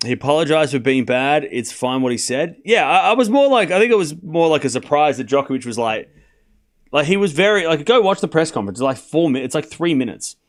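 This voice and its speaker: A man's voice: on the high side, sing-song, brisk. A young man hosting a live tennis watchalong, chatting casually with his stream chat and calling the score in a rambling way. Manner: chatty, rambling, with fillers and restarts.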